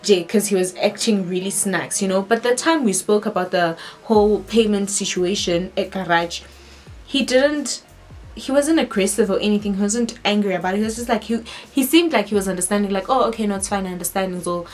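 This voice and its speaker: A woman with a South African accent tells a story straight to camera. Her voice sits at an ordinary middle pitch. She leans hard on key words, with faint music playing behind her. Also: a little fast. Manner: animated, emphatic retelling. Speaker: vlogger.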